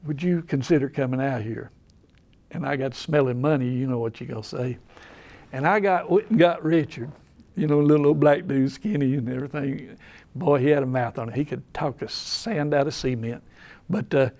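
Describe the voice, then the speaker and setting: Rambling through folksy tales in casual talk, this older storyteller carries an Appalachian accent. His voice is medium in pitch and a little mellow.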